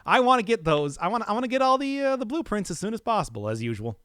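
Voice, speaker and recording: Young guy streaming a game, chatty and rambly, laughs a lot, voice sits a bit high and jumps around. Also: big pitch swings, fast talker, fairly bright tone, no room sound, clean studio sound. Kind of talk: live gameplay commentary.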